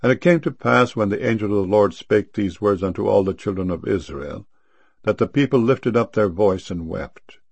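Male scripture reader, solemn and measured; low, husky delivery. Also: darkish tone. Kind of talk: scripture reading.

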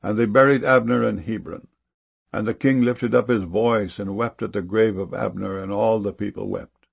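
Male scripture reader, solemn and measured; low, husky delivery. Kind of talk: scripture reading.

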